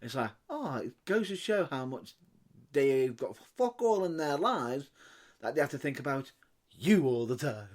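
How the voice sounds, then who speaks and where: A man's voice: medium pitch, sing-song, a little slow, darkish tone. A man co-hosting a podcast, bluntly joking and swearing in casual banter. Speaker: podcast co-host.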